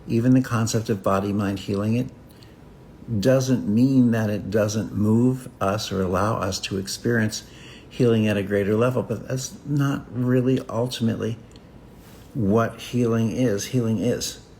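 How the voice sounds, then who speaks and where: A man teaching about healing in a reflective spiritual talk, speaking in slow, repetitive, contemplative phrases with long pauses. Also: fairly low pitch, steady tone, a little mellow, slight background noise.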